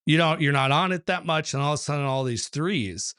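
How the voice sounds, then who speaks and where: A man, a numerology author and teacher, talking as a guest in a casual interview and telling stories with lively acted-out quotes. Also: a little high, fairly quick, smooth, no room sound, studio quality. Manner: animated storyteller, acts out quotes, many fillers.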